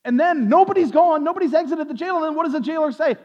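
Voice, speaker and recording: A man preaching to a group, stumbling over repeated words as he restarts his sentences and stops to ask his listeners questions. His voice sits high for a man. The recording sounds muffled and lo-fi. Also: quick pace, in a large hall. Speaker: preacher teaching a Bible study. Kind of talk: sermon. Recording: dull lo-fi recording.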